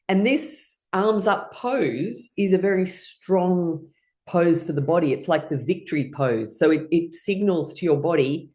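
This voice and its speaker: A middle-aged woman leading an online laughter yoga class, cheerful and encouraging, quick to break into laughter. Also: lowish voice, lively intonation, a little mellow.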